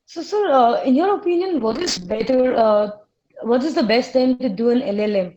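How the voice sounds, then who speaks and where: A woman's voice: a little high, moderate pace, warm tone. Polite woman moderator on a muffled call. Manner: polite, hesitant with fillers. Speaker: webinar moderator. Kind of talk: reading interview questions. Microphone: video call. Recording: dull online call audio.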